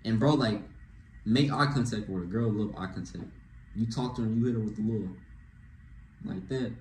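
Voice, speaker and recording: A young man ranting to camera with dating advice, animated and slangy, tossing in "bro" after nearly every phrase. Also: lowish voice, normal speed, a little hiss or hum. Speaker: vlogger giving dating advice. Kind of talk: casual rant to camera. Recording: echoey room with faint ambience.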